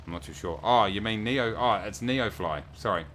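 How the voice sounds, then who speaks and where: Low-voiced New man chatting on stream. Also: normal speed, a bit bright, slight background noise. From New Zealand. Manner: chatty, reads viewer messages aloud and thanks them. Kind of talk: casual livestream chat.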